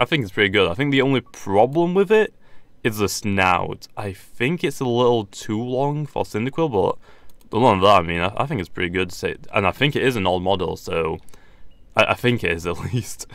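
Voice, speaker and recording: A young man talks through a game with a slightly hoarse, low voice, rambling and restarting his sentences as he goes. The recording is dry and close, with no room sound around him. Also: a bit bright, dry recording. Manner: rambling, hesitant, frequent restarts and laughs. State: losing his voice. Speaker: gaming YouTuber. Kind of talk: casual gameplay commentary.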